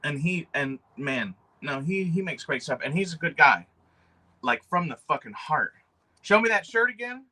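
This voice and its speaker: A man hosting a casual livestream, talking in an excitable, rambling way and swearing freely. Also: on the high side, normal speed. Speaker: livestream host showing custom figures.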